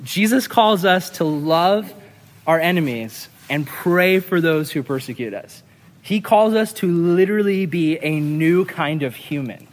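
Pastor guy preaching, casual and earnest, kinda high voice, big echoey hall. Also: animated, a little slow. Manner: earnest, conversational, repeats for emphasis. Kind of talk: sermon.

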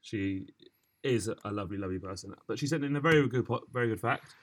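A man co-hosting a podcast, animated and questioning, often laughing. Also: lowish voice, fast talker. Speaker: podcast co-host. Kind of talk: casual podcast chat.

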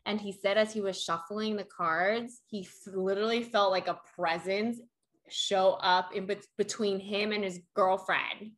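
A woman's voice: mid-range voice, steady tone, unhurried, fairly bright tone. A young woman in casual chat, telling a long story full of fillers and acted-out quotes.

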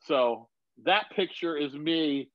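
A man telling a rambling story on a video call, swearing freely and getting animated as he retells it. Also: fairly high pitch, slow, dry recording, highs cut off. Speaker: guest. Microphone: phone on video call.

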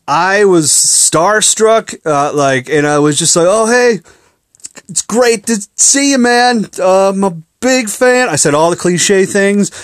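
A man's voice: fairly high pitch, fairly bright tone, no echo, studio quality. A young man from Minneapolis hosting a podcast, telling a story in a rambling, profane, self-mocking way. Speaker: podcast host. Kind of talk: casual storytelling monologue.

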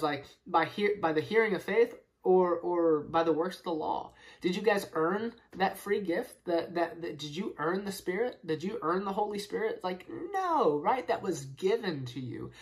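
A speaker giving a casual Bible study, explaining verses with rhetorical questions and peppering the talk with "right?" and "man.". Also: medium pitch. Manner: casual, filler-heavy, keeps saying "right?" and "man". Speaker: Bible teacher.

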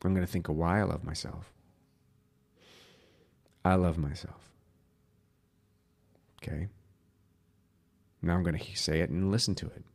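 A man hosting a spiritual podcast, teaching in a casual, earnest way and dropping to a soft, slow voice to demonstrate. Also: low voice, fairly even intonation, vocal fry.

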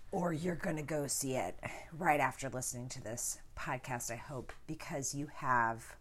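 A woman hosting a podcast, talking in a chatty, animated way with playful asides. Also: a bass voice. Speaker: podcast host. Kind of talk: casual podcast chat.

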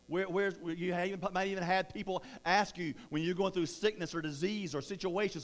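Male pastor with a high voice, preaching casually and with energy. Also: quick pace, hardly any pauses. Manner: energetic, conversational preaching with many restarts. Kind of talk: sermon.

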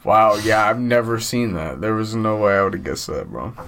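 A man's voice: on the low side, moderate pace, gravelly. A man co-hosting a comedy podcast, joking and swearing casually. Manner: lively, profane, joking. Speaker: podcast co-host.

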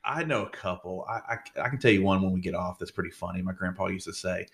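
A man's voice: deep voice, fast talker, gravelly. A man in his forties, a podcast guest, chatting casually and acting out voices in his stories. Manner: storytelling, acts out voices in anecdotes. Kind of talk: casual chat.

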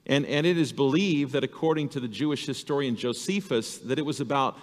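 A man's voice: mid-range voice, brisk. A male pastor delivers an earnest sermon in a mid-range voice. He gives the people he quotes voices of their own as he preaches. The sound carries the long reverb of a church hall.

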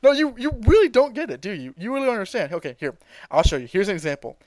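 A gloating male alien tyrant, cruel and smug, mocking his foes in a raised voice, as a man acts him out while retelling a cartoon fight. The voice sits a touch high and smooth, recorded dry and close with no room sound. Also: big pitch swings, very fast, darkish tone, dry recording.

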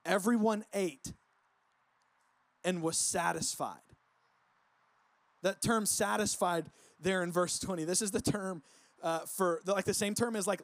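A man preaching a casual, conversational sermon, relaxed and full of filler words. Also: high-pitched, dry recording. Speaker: pastor. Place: church service.

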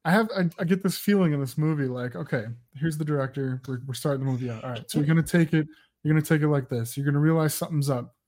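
A man co-hosting a podcast in casual talk about a film, relating to a character in a relaxed, reflective way and repeating phrases as he thinks aloud. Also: fairly high pitch. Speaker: podcast co-host.

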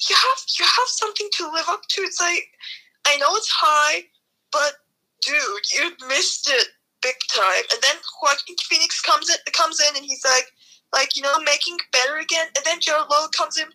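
A woman's voice: high-pitched, sharp tone, poor audio. A young woman chatting casually, ranting animatedly and swearing a lot. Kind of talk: casual chat.

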